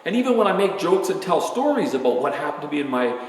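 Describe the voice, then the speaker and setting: A man's voice: fairly high pitch, big pitch swings, fast talker. A man in his sixties, an astronomer giving an informal, candid talk to students, rambling and self-deprecating as he tells stories. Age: 60s. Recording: echoey hall from far off.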